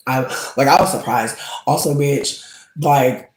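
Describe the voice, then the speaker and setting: A man with a mid-range voice, speaking a little slowly, chats with viewers on a casual livestream, with slight hiss or hum and a roomy echo. He rambles, swears, leans heavily on "like," and laughs often as he talks.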